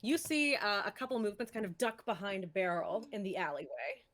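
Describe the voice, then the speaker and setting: A woman's voice: mid-range voice, lively intonation, a little fast, a bit bright. A woman narrating as dungeon master in a casual, laid-back way, with fillers. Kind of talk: narrating a tabletop game.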